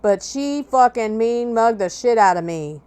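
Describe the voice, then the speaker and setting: A woman's voice: on the high side, expressive, measured pace, dark tone, smooth. Blunt, profane woman telling her story. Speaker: podcast host. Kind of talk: personal storytelling monologue.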